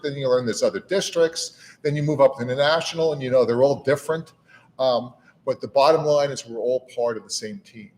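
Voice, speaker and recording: A middle-aged man speaks to a gathered audience in a relaxed, conversational way. His delivery is folksy, with repeated words and a steady stream of "you know"s. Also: medium pitch. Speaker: national auxiliary leader giving a speech. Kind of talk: informal speech to a gathering. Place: meeting room with an audience.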